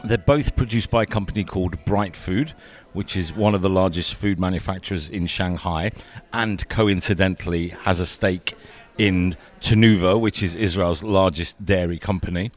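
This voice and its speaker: A man's voice: low-pitched, normal speed. A man hosting a travel video, narrating and trading dry puns with his co-host. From southern England. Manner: punning, dry joking. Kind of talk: travel vlog narration and banter.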